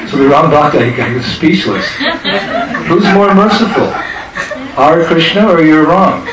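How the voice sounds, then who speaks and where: A man recounts a devotional tale in a lecture, animated and quick to laugh. He sits well back from the microphone, and the room around him is echoey. Steady ambient noise runs underneath. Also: fairly high pitch. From United States. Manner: animated, laughs through his telling. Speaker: spiritual teacher. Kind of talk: storytelling religious lecture. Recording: roomy, distant mic with ambient noise.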